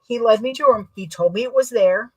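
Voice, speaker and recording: Husky-voiced woman telling rambling stories. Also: a little high, a little fast, darkish tone, poor audio. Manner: chatty, rambling, self-deprecating humor. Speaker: sewing vlogger. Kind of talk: casual storytelling while sewing.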